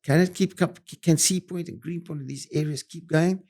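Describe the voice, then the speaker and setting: A man's voice: fairly high pitch, moderate pace. Older South African man telling punchy stories. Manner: animated, punchy storyteller with many fillers and restarts. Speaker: property developer guest. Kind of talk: interview storytelling.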